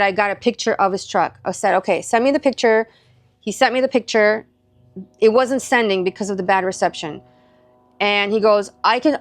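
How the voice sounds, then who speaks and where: A woman's voice: mid-range voice, no room sound, clean studio sound. A woman from Southern California, a mother, chatting through a personal story with many likes and quoted back-and-forth. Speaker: faith and encouragement vlogger. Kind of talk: casual storytelling.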